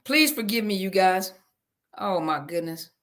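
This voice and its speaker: A woman's voice: mid-range voice, expressive, measured pace, a bit bright. A woman therapist hosting a live audio chat, answering listener comments and apologizing often after technical slips. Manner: apologetic, flustered, Southern-flavored casual speech. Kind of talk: casual live-stream chat, reading comments.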